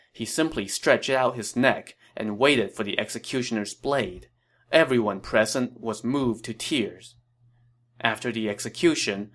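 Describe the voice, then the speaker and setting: Man narrating a history podcast. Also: mid-range voice. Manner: steady, measured storytelling.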